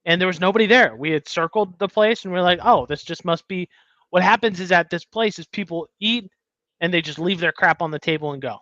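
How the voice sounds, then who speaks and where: A man's voice: high-pitched, fairly quick, no echo, dull audio. A man co-hosting a podcast, telling a story in casual chat and acting out the people in it. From United States. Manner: animated storyteller, acts out quotes. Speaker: podcast co-host.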